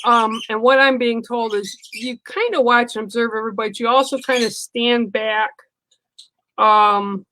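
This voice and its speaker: A woman doing spiritual card readings on a livestream, talking slowly with many ums and pauses. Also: a little high, fairly bright tone, dry recording, rough recording. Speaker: livestream psychic reader.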